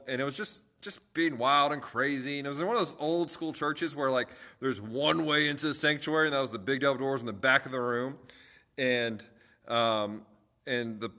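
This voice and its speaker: A man's voice: medium pitch, bright, forceful tone. A young man, a youth pastor, chatting casually on a livestream and telling stories with lots of fillers and restarts.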